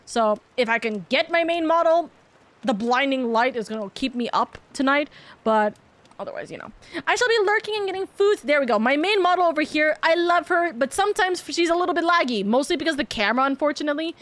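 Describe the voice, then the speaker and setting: A woman streaming live, chatting casually and affectionately with her viewers, talking fast and rambling with lots of repeats. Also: high-pitched, lively intonation, a bit bright. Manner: bubbly, affectionate, rapid and rambling. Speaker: VTuber streamer.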